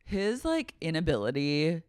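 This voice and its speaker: A woman's voice: deep voice, wildly swooping pitch, a little slow, noisy background. A woman co-hosting a podcast, recapping in a blunt, sarcastic, swearing rant. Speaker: podcast co-host. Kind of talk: casual chat recapping a reality show.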